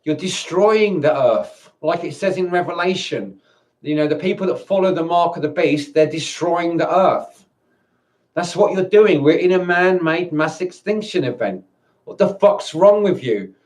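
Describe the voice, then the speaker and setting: A man's voice: a little high, expressive, measured pace, a little mellow. A man ranting angrily to camera, swearing and stumbling over his words with many restarts. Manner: angry, swearing, stammering restarts. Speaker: vlogger. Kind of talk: angry ranting monologue.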